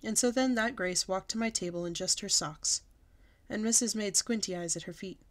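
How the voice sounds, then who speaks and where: Lady reading a kids book out loud, lively and expressive. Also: medium pitch, normal speed. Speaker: storyteller. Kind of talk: reading a children's book aloud.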